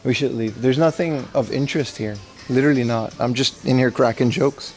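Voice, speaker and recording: A man's voice: medium pitch, a little fast, darkish tone, faint music behind. A man streaming live while browsing a secondhand electronics shop indoors, rambling and cracking jokes to his chat on a mobile rig. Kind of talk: casual IRL livestream commentary.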